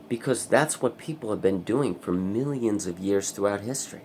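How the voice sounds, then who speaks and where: A man's voice: on the low side, normal speed, few pauses, a little mellow, slight background noise. A man angrily ranting in a personal vlog, swearing a lot. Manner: angry, profane ranting. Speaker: vlogger. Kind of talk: vlog rant.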